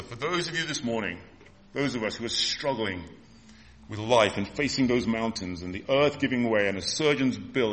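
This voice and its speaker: A man's voice: mid-range voice, pushed and bright. A man in his fifties preaching an impassioned, emotional sermon.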